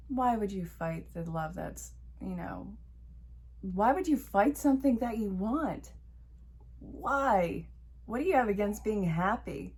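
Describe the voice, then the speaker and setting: A woman's voice: lowish voice, darkish tone, slight background noise. A woman reading tarot cards for her viewers as a life coach, chatty and encouraging, repeating her points with emphasis. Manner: chatty, talks to the viewer and to spirit while drawing cards. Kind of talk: casual tarot reading to camera.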